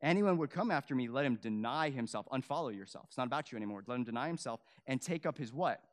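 A young adult pastor preaches a sermon at a quick pace, expressive throughout. He swings from loud, emphatic peaks to quiet, low, earnest stretches, tossing casual asides to the congregation.

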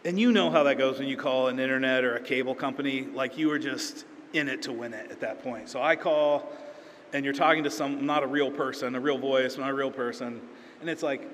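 A pastor preaching a sermon in a relaxed, storytelling way, acting out quoted lines in everyday speech. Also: male voice, mid-range voice, moderate pace, a little hiss or hum. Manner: conversational storytelling with acted-out quotes. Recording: reverberant hall, faint ambience.

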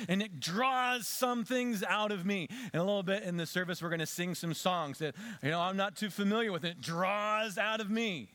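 In a church sanctuary, a pastor with a slightly high voice gives a sermon, addressing the congregation in an easy, conversational style. To stress a point, he drops into soft, low tones. The recording is dry.

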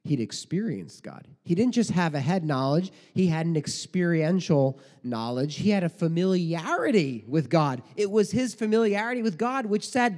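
A man's voice: fairly high pitch, big pitch swings, normal speed, few pauses, darkish tone. Conversational man preaching in a reverberant hall. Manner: conversational preaching with rhetorical questions and mock quotes. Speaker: pastor. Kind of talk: sermon.

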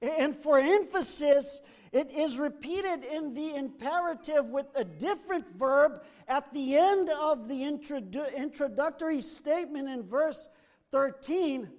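A man preaches from the pulpit with an unusually high voice, pressing his points slowly and deliberately. He swings between loud, emphatic declarations and hushed asides. The sound carries a long reverb, like a church sanctuary. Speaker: pastor. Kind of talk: sermon.

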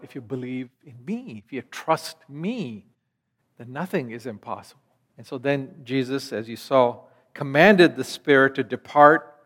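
A man's voice: a little high, long reverb tail. A man preaching a sermon in an earnest teaching manner, asking rhetorical questions.

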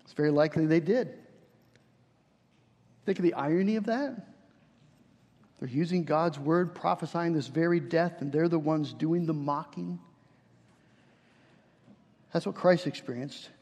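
A man's voice: a little high, unhurried, pauses often, a little mellow, long reverb tail. A man preaching a sermon, earnest and building to fervent emphasis, often restarting his phrases.

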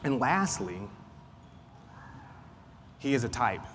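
A man's voice: mid-range voice, very animated, slow, fairly bright tone. Man, Sunday school teacher, chatty Bible lesson, lingering reverb and faint hiss. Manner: conversational, repeats points, frequent fillers. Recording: faint noise, long room reverb.

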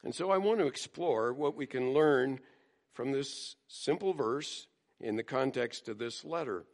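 A man's voice: medium pitch, measured pace, a little mellow. A male pastor preaching a sermon in a conversational storytelling manner. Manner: conversational storytelling, acting out quotes.

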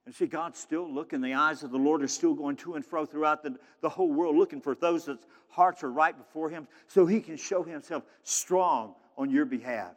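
A man's voice: on the high side, normal speed, hardly any pauses. A man preaching a sermon in a fervent, emphatic way, often restarting his phrases. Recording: long hall reverb.

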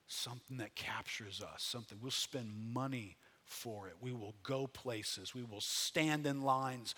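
Bright-voiced preacher with a folksy swing. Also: male voice, measured pace, few pauses. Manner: conversational preaching, folksy asides, swells loud then drops low. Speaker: pastor. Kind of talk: sermon.

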